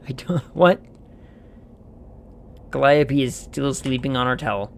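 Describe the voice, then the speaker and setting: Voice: medium pitch, unhurried, creaky. A streamer casually playing a video game on a live stream, playful and reading the game's text aloud.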